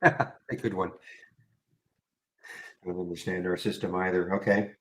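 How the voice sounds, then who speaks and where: A man talks through market news on a live trading stream, answering viewers with dry, meandering asides. His voice sits on the low side. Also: fairly even intonation, measured pace, rough recording. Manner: rambling, wry, talks to chat viewers. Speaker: trading room host.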